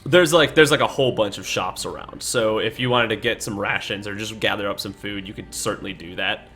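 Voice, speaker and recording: A man's voice: on the low side, brisk, fairly bright tone, slight background noise. A man running a tabletop game as dungeon master, narrating casually with lots of fillers and offhand swearing. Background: faint game soundtrack.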